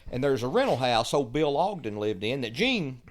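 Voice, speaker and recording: A middle-aged man, telling lively stories as a podcast guest and chuckling at the punchlines. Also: mid-range voice, normal speed. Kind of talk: casual storytelling.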